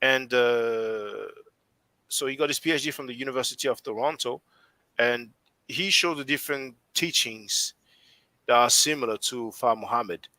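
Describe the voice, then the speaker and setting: A man's voice: medium pitch, moderate pace, bright, forceful tone, dry recording, rough recording. A man with a French accent hosting a casual live stream discussion, rambling and often restarting his sentences as he thinks aloud. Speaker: host.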